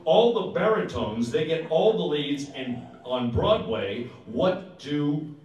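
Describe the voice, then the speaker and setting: A man's voice: fairly high pitch, expressive, slow pace, a little mellow, highs cut off. A man, a singer and entertainer, chatting between songs at a live show with jokey, self-mocking banter. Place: performance hall. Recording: echoey hall, distant mic, live music.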